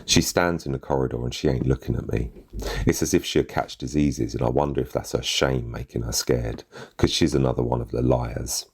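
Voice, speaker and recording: A man's voice: extremely low pitch, fairly quick, gravelly, darkish tone, breathy edge. A man reading a gritty first-person short story aloud in street slang, with a bitter edge. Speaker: narrator.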